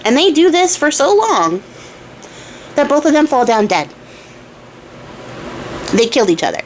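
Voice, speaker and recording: A young woman, a storyteller and crafter, retells a fairy tale in a chatty, irreverent way, swearing casually as she goes. Her high voice swings widely in pitch at a measured pace. A little hiss or hum runs under the recording.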